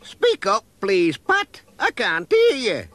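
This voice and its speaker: A man's voice: sits high, huge pitch swings, slow, fairly bright tone, no echo, voice pushed up, full character voice. A man voicing a chatty, kindly elderly village woman, a little hard of hearing, in a children's cartoon. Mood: impatient. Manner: homely, fussing, a bit hard of hearing. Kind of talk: children's animation voice acting.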